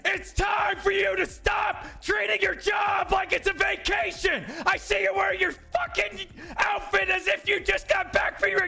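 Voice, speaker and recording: A man's voice: very high voice, creaky, full character voice. A man doing an impression of a furious male police colonel in game role-play, ranting and swearing nonstop. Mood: scornful. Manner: nonstop shouted rant, heavy swearing. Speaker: streamer.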